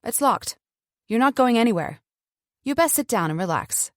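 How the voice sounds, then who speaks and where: A woman's voice: a little high, animated, normal speed, dry recording, clean studio sound, pitched above the performer's own voice, natural voice. A woman reading an audiobook, voicing a chatty, patronising woman captor who holds a gun and talks falsely soothing. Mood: coolly menacing.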